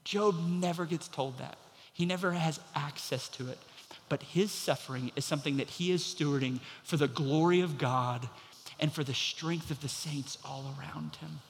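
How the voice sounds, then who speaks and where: A man's voice: a little high, moderate pace, gravelly, long reverb tail, slight background noise. A man preaching a sermon as pastor, telling a story and acting out the voices of the people in it.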